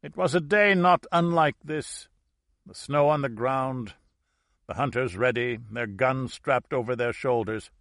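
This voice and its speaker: A man reading aloud and voicing a sharp-tongued, dying 85-year-old Russian grandmother who speaks urgently. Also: mid-range voice, measured pace, no echo, clean studio sound.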